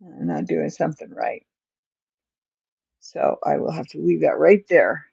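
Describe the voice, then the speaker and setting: A woman hosts a casual crochet livestream, chatting with viewers and muttering to herself as she works her stitches, distracted, often apologetic and yawning. Her low, expressive voice is unhurried, mellow and slightly rough, with vocal fry. The recording is dry and lo-fi.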